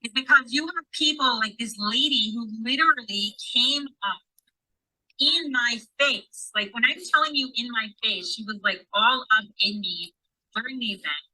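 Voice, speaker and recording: A woman's voice: fairly high pitch, normal speed, sharp tone, rough recording. A woman chatting casually on a podcast, swearing freely and acting out quoted dialogue as she tells a story.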